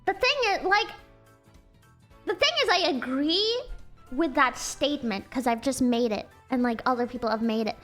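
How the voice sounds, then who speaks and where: A woman's voice: sits high, normal speed, a bit bright, soft background music. A woman with an American accent chatting casually on a livestream, giggly and rambling with lots of "like" fillers.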